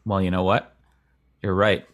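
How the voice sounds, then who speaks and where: A man co-hosting a comedy podcast, playing a halting, bemused straight man. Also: deep voice, flat delivery, a bit bright. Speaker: podcast co-host. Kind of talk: improvised comedy podcast banter.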